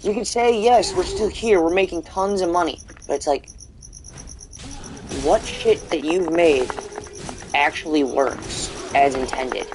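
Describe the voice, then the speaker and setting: Over music, a gaming channel host delivers let's play commentary in a fairly high-pitched voice at a measured pace. He rants and rambles, full of fillers, restarts and swearing.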